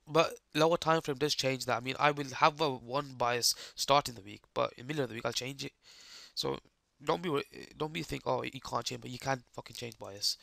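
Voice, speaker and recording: A man with a hoarse, croaky voice giving live trading commentary, explaining chart steps and checking that the viewers follow. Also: mid-range voice, bright, forceful tone, no room sound, studio quality. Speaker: trading streamer.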